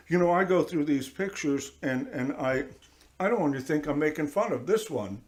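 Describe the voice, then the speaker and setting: A man's voice: fairly high pitch, brisk. A man, a priest giving a conversational sermon, talking straight to his listeners and acting out little voices as he goes. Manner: animated, talks straight to listeners, acts out voices. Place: church.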